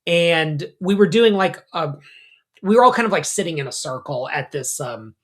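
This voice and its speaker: Chatty middle-aged rabbi telling stories. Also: male voice, fairly high pitch, moderate pace. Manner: animated storyteller, many fillers and asides. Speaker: rabbi and podcast co-host. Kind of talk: casual conversation.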